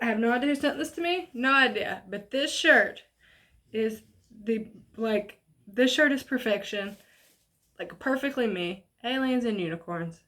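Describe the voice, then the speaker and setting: Excitable, gushing young woman vlogger. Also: on the high side, moderate pace. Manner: excitable, gushing, swears casually. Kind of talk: casual unboxing vlog.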